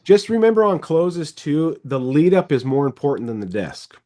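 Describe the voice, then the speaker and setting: A middle-aged man coaching a car salesman over a video call in a casual, animated way. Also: on the high side. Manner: animated, rambling, quick bursts. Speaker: sales trainer, podcast host.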